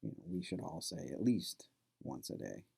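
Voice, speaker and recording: A man's voice: a bass voice, huge pitch swings, normal speed, creaky, a little mellow, husky. A man who is a college professor, talking casually to his class and telling a story, loose and conversational with plenty of fillers. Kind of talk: classroom lecture with anecdote.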